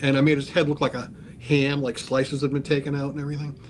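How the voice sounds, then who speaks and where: An older man telling a long story in casual talk, animated, acting out the voices of the people he quotes. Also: mid-range voice, quick pace, slight background noise. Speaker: guest artist.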